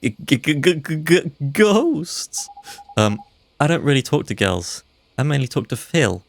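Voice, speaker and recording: A man's voice: fairly high pitch, very animated, normal speed, gravelly, voice pushed up, heavily acted. A man voicing a shy, earnest young boy hero who stammers, reading game dialogue live. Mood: nervous.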